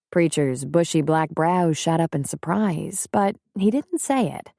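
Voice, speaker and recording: This is an audiobook read by a woman with a fairly low-pitched voice, her storytelling steady and measured. The sound is clean, studio-made, and free of echo.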